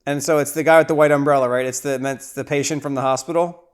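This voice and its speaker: A man's voice: medium pitch, quick pace, smooth. A man hosting a podcast, casually recapping a horror movie scene by scene, with lots of restarts and repeated words. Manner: grows loud and excited at gory scenes. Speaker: podcast host.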